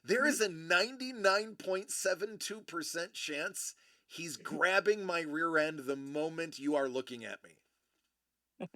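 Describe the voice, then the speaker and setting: A man's voice: a little high, slow pace, bright, forceful tone, no room sound, clean studio sound. A man co-hosting a live stream, chatting casually in a playful, self-mocking, theatrical way. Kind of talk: casual joking banter.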